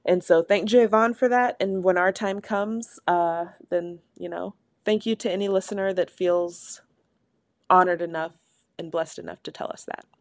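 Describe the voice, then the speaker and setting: A young woman co-hosting a casual podcast, animated and quick to laugh, swearing freely as she talks. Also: fairly low pitch, dry recording, studio quality. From Pacific Northwest of the US. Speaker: podcast co-host.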